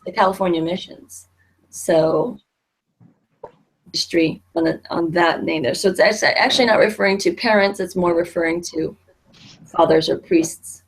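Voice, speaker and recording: A woman's voice: fairly low pitch, husky. A middle-aged woman teaching a Spanish class, explaining patiently with many fillers and restarts.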